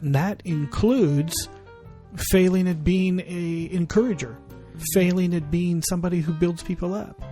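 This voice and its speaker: A man's voice: high voice, measured pace, dark tone, soft background music. A man co-hosting a parenting podcast, talking in an earnest, reflective way. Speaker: podcast co-host. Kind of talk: casual chat.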